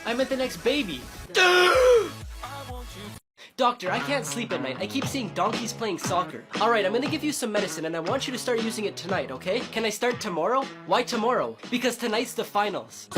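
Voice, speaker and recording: A woman performing quick comedy skits, delivering deadpan punchlines. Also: mid-range voice. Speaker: skit comedian.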